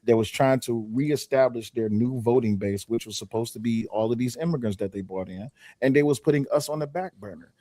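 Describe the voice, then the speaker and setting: A man's voice: mid-range voice, brisk, hardly any pauses, dark tone, no echo. Guy arguing politics on a panel, keeps repeating himself, swears, dry mic. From United States. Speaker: panel guest. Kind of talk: casual political debate.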